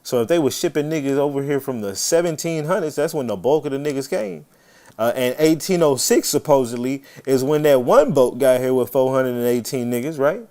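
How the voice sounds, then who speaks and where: A man's voice: mid-range voice, brisk, warm tone. A man hosting a live stream, chatting casually and swearing freely, greeting viewers by name. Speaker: livestream host.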